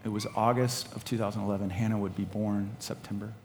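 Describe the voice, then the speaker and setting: A man preaching a sermon and telling a personal story, animated and laughing, swinging between loud preaching and quiet storytelling. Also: on the low side, quick pace, slight background noise. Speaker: pastor. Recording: live hall with long reverb and faint ambience.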